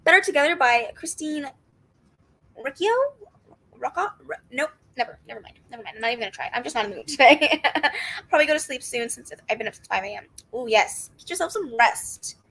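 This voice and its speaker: A woman's voice: on the high side, expressive, a little fast, gravelly, a bit bright, husky, rough recording. A woman hosting a casual book livestream, chatty and upbeat, greeting viewers and answering their comments. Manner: upbeat with frequent laughs and squeals. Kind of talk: casual live-stream chat.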